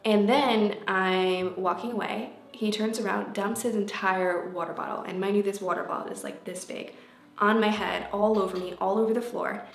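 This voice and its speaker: A woman vlogger telling a personal story to camera in a casual, animated way, acting out what was said. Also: mid-range voice, moderate pace, gravelly. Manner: animated, acts out quotes in changing voices. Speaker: vlogger and life coach. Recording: echoey room with faint background music.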